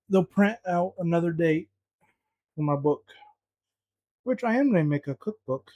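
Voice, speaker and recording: A man's voice: a little high, animated, normal speed, pauses often, mellow, dry recording. A man cooking at home, talking to himself in a flustered, muttering way and swearing often. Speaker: home cook vlogger. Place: home kitchen.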